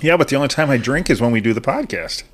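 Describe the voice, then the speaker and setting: A man's voice: mid-range voice, animated, quick pace. A man co-hosting a podcast, chatting casually, reading questions aloud and cracking crude jokes. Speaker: podcast co-host. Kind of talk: casual chat over cocktails.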